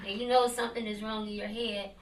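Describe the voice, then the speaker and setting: A woman's voice: medium pitch, fast, heavy background noise. A woman in her twenties, a guest on a talk show, giving a personal testimony and animatedly acting out what she and others said. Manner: animated storytelling, acting out her own past words.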